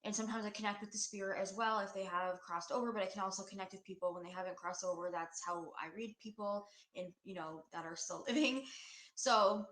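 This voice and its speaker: A woman's voice: medium pitch, steady tone, fairly bright tone. Earnest woman psychic in an echoey room. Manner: earnest, halting, with many fillers. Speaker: psychic true-crime reader. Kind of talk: recorded video reading.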